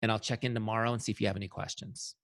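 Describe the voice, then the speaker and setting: A man's voice: fairly low pitch, racing, gravelly, no room sound. Guy running a sales training call, upbeat coaching tone, dry close sound. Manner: energetic, coaching, demonstrating software on screen. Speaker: trainer and software founder.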